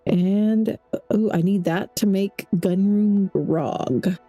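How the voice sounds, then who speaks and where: A woman giving casual, chatty let's-play commentary as a game streamer, thinking out loud as she plays. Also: medium pitch, slow, soft background music. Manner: chatty, thinks aloud while playing.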